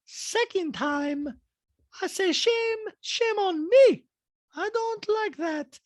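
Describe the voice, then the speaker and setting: A man squealing as a fierce accented woman. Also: no room sound. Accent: put-on Bosnian. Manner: high squealing, drawn-out shouting. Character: loud fierce woman, Eastern European accent.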